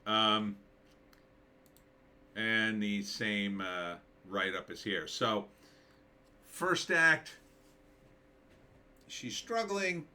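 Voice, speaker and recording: A man's voice: lowish voice, lively intonation, extremely slow, pauses often, pushed and bright. A man talking through a movie trailer in casual commentary, thinking aloud and rambling with many fillers. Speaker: screenwriter reviewing a movie trailer.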